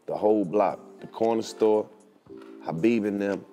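A man's voice: on the low side, normal speed, mellow, faint music behind. A man co-hosting a comedy podcast, bantering and throwing leading questions to his partner. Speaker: podcast co-host. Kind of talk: casual comedic chat.

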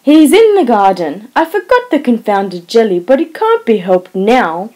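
Young husband, anxious, earnest, reassuring, lively delivery, storybook, woman reader. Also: fairly high pitch, measured pace. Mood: urgent. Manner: urgent and reassuring, louder. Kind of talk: audiobook character voice.

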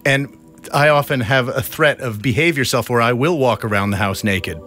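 Man, radio studio chat, bright forward tone, hesitant, filler words, faint music. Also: medium pitch, normal speed. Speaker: radio co-presenter.

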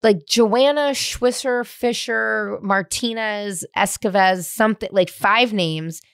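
A middle-aged woman hosting a podcast, telling an animated, profane story and acting out what people said. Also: medium pitch, slow, smooth, dry recording, studio quality. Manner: animated, profane, acts out quoted lines. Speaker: podcast host. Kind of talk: casual storytelling chat.

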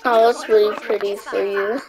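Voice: medium pitch, steady tone, moderate pace, a crowd in the background. A gaming host giving casual let's-play commentary, chatting to the game characters and to viewers. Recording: noisy recording with mouse clicks.

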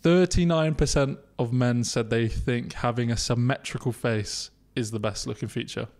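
A man's voice: mid-range voice, steady tone, normal speed, a little mellow. A young man co-hosting a podcast, teasing his friend, laughing often and reading out survey figures in casual chat. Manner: teasing, laughs a lot, reads out survey stats. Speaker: podcast co-host.

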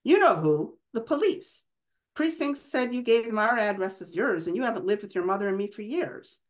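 A woman's voice: medium pitch, lively intonation, normal speed, voice pushed up, close to an everyday voice. A woman reading aloud, voicing an angry older father who demands answers and roars at his son. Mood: furious. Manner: gruff, demanding. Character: angry older immigrant father, shouting and bitter.

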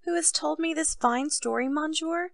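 A woman's voice: high-pitched, normal speed, gravelly, no echo, voice pushed up. A woman reading an audiobook, voicing a grown king who complains and grows indignant, his voice raised above her narration. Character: petulant, self-pitying king, grown man.

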